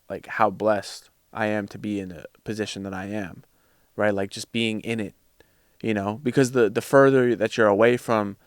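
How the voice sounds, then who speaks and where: Reflective man with a smooth voice. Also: fairly low pitch, no echo, clean studio sound. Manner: reflective, searching for words. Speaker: podcast guest. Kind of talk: casual reflective conversation.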